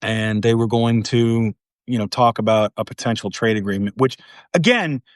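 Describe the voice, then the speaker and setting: A man's voice: medium pitch, normal speed, dry recording, studio quality. A man hosting casual political commentary, rambling and sarcastic, with many fillers and restarts.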